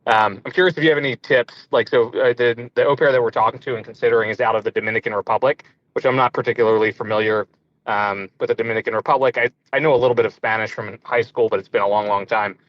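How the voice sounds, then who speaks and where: A man's voice: mid-range voice, steady tone, fast, no echo, lo-fi sound. A man in his thirties calling in with a question, hesitant with many ums and uhs. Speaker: caller.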